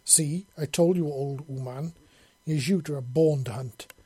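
Man voicing a proud alien huntress, gravelly, snarling, sulky, raised pitch. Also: a little slow, dark tone, no room sound. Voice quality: gravelly, growling.

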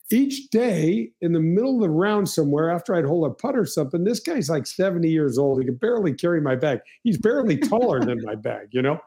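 Middle-aged guy hosting a show, kinda high mellow voice, rambling animated story, swears a bit. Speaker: show host telling golf stories. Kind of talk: casual storytelling chat.

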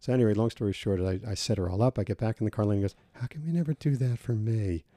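A man's voice: fairly low pitch, rapid-fire, mellow, dry recording, clean studio sound. A man co-hosting a podcast in casual chat, telling stories with plenty of swearing and laughter. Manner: swearing, storytelling, laughs easily. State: recovering from a cold. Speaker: podcast co-host.

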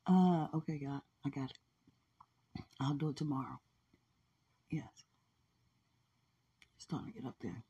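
A woman talking in a heartfelt, prayerful way about faith and love, often murmuring quiet agreement. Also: sits low, measured pace, pauses often, breathy edge, lo-fi sound. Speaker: podcast speaker. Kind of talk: casual emotional talk about faith and love.

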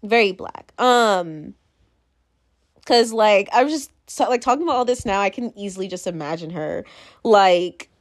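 A woman's voice: mid-range voice, lively intonation, a little slow, dry recording. A young woman talking casually to camera in a rambling monologue, full of fillers, restarts and sudden swings.

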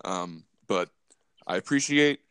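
A man's voice: deep voice, expressive, takes it slowly, fairly bright tone, clean tone, dry recording, studio quality. A man co-hosting a podcast in casual chat, laid-back and joking, swearing now and then. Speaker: podcast co-host.

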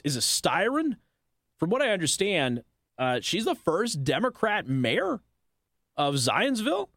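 A man's voice: fairly high pitch, fairly bright tone, no room sound, studio quality. A male talk radio host, possibly from Indiana, delivering an indignant, sarcastic monologue.

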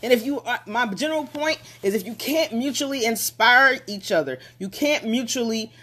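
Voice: medium pitch, expressive, normal speed, sharp tone. A speaker giving a motivational talk, emphatic and repetitive, pressing listeners directly with questions and urging them to act.

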